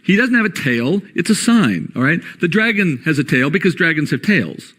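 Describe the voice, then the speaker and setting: Guy teaching bible study, bit high voice, keeps asking "all right?". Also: expressive, fairly quick, pushed and bright. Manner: rhetorical questions, frequent "all right?" checks. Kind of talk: lecture-style Bible study.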